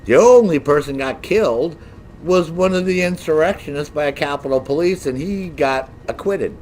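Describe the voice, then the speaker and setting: A middle-aged man ranting casually with a lot of profanity, in a lively, mocking storytelling way. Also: a little high, normal speed, slight background noise. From United States. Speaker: gaming streamer.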